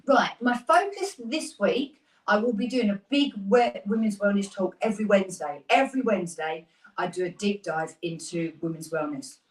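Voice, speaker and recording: A British woman in her thirties, a fitness instructor chatting upbeat through a live workout class, with rambling asides. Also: fairly low pitch. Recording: roomy sound, mic at a distance.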